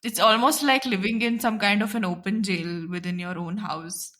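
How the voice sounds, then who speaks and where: A woman's voice: mid-range voice, fairly even intonation, normal speed, sharp tone. A woman with an Indian English accent, hosting a casual panel discussion and talking with frequent hesitations. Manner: hesitant, many restarts and fillers. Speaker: podcast host.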